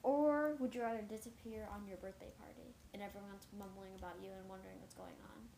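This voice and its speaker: A woman's voice: mid-range voice, fairly even intonation, quick pace, creaky, dark tone, roomy sound, slight background noise, low-quality recording. A young woman in a casual chat, teasing and giggly.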